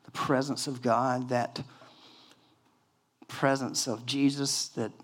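A man in his sixties, a pastor preaching a sermon, telling stories in a lively, chatty way full of "you know"s. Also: medium pitch, slow. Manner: animated storytelling with many fillers and acted-out quotes.

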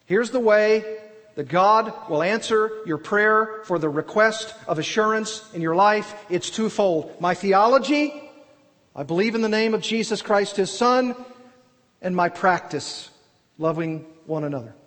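A man's voice: sits high, expressive, a little slow, a bit bright, in a large hall. A man preaching an expository sermon, earnest and emphatic, asking and answering his own questions. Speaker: pastor.

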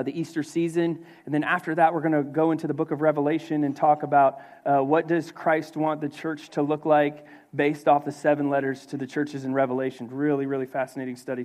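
A man's voice: fairly high pitch, a little mellow. A man pastor preaching a sermon in a loose, conversational way, with many filler words and restarts.

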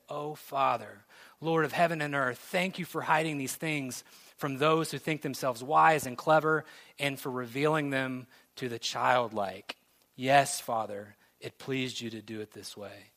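A young adult man preaching a sermon, reading scripture and then talking through it in a conversational, earnest way that builds to excitement. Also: mid-range voice. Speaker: pastor.

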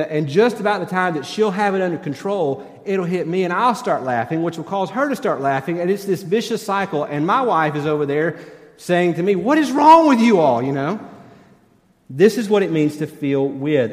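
Conversational pastor in reverberant hall. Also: male voice, a little high. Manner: conversational, self-deprecating humor. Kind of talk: sermon. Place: church sanctuary. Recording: long church hall reverb.

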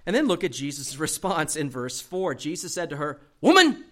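A man preaching a Bible sermon in a fairly high voice. He reads verses aloud and explains them with animated rises and quiet, pointed drops for emphasis. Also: normal speed. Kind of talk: sermon teaching from scripture.

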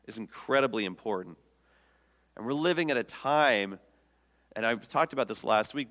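A man's voice: medium pitch, in a large hall. A man preaching a sermon as pastor, telling the story with humor and acting out the quotes. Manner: lively storytelling, jokes and acts out quotes.

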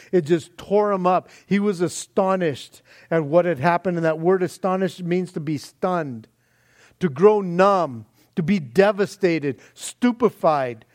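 A male pastor with a high-sitting, slightly mellow voice gives a folksy, conversational sermon. He explains his passage at length, says "man" often, and lays out word meanings in long lists.

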